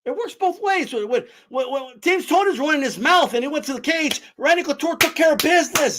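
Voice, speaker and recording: High-pitched man in a profane rant. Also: lively intonation, fairly quick, hardly any pauses, noisy background. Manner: profane, heated, mocking. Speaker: boxing streamer. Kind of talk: live-stream rant.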